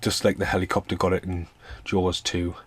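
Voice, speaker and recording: A man with a deep, low voice rambles through a casual film review. He swears freely and chuckles between points, with a loose, unscripted flow. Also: completely flat delivery, brisk, husky.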